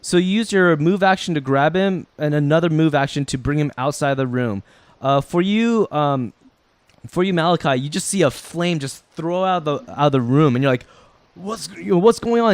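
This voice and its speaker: A man's voice: fairly high pitch, no echo. A man narrating a tabletop game as game master, explaining rules and describing scenes with frequent ums.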